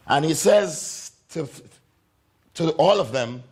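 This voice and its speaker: A man's voice: high-pitched, very animated, unhurried, husky. A man preaching a sermon, telling a story with repeated phrases and acting out the voices of the people in it. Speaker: pastor.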